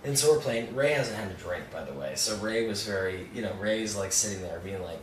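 A man's voice: a little high, lively intonation, fast, a bit bright. Young guy swearing his way through a gig story, voice bouncing all over, roomy echo, a bit of hiss. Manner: rambling, swearing, laughing storyteller. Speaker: guest songwriter. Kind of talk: casual storytelling. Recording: roomy, distant mic with faint noise.

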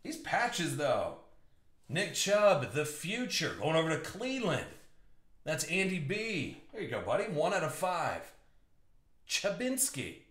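A man's voice: on the high side, big pitch swings, a little slow, a bit bright. Upbeat man hosting a live card break. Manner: upbeat, jokey banter with chat viewers. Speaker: box break host. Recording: echoey room with faint noise.

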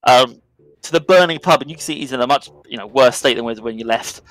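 A man narrating as game master of a tabletop game, describing scenes in a relaxed way with many fillers. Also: medium pitch, quick pace, no echo, low-quality recording.

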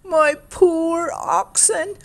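A woman voicing a distressed grown man, a farmer, in a high, pleading, tearful voice. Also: sing-song, takes it slowly, full character voice. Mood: grieving.

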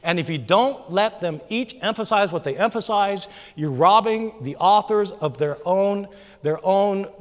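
A man giving a formal debate speech in a university lecture hall, emphatic and driving his points home with rhetorical repetition. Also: high-pitched. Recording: reverberant hall.

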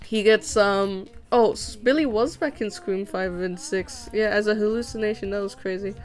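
A young woman talks casually on a live stream while she animates. She rambles and gets excitable, laughing often, in a mid-pitched voice with faint music under her. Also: unhurried.

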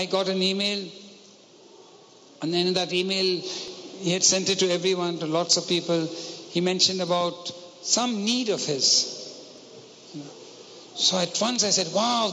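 A man's voice: high voice, sharp tone. A man preaching a sermon, telling a personal story and putting rhetorical questions to the congregation. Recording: long hall reverb, faint noise.

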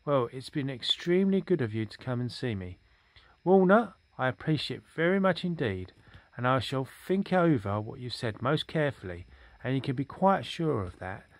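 A man voicing a pompous, condescending older male Chief Rabbit in a storybook reading, speaking in a smooth, patronizing, drawn-out way. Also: medium pitch, lively intonation, no echo, lightly acted.

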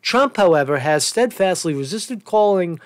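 Guy doing a sweary news rant vlog, kinda high voice, dead dry sound. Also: lively intonation, moderate pace, no room sound. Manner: angry, swearing, sarcastic commentary; reads news aloud then rants about it. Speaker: news commentary vlogger. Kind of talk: casual profane news rant.

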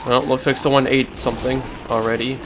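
A man giving profane, excitable commentary while playing a video game, swinging between shouted outbursts and low muttering. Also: fairly quick, over music, rough recording. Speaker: let's play gamer. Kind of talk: gaming commentary.

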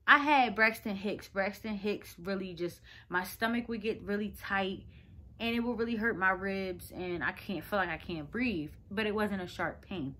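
A woman's voice: medium pitch, moderate pace, pushed and bright, a little hiss or hum. A young woman telling a personal story to her viewers in a chatty, rambling way. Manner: chatty, rambling, lots of "like" fillers. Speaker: vlogger. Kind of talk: casual storytelling to camera.

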